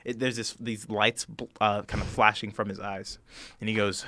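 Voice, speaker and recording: A man narrating a tabletop game as game master, halting with many fillers. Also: fairly low pitch, little pitch movement, sharp tone, no room sound.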